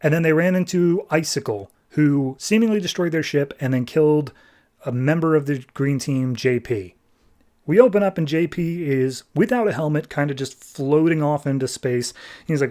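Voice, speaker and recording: A man with a fairly high voice for his sex talks through a comic's plot as a podcast host. His delivery is loose and conversational, sprinkled with "like" and quick paraphrased lines from the characters. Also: darkish tone. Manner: loose, chatty retelling with frequent "like" and quick paraphrased quotes. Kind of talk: casual plot recap.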